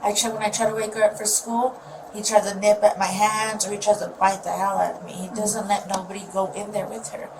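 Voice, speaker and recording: A woman's voice: medium pitch, level tone, fairly quick, gravelly. A mother being questioned by police, rambling and upset, often trailing off mid-sentence. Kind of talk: recorded police interview. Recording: distant mic with loud noise.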